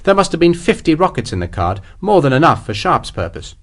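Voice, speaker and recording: A man's voice: fairly high pitch, big pitch swings, a little fast. A man reading an audiobook as its narrator in a dramatic, vivid way. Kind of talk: scripted narration.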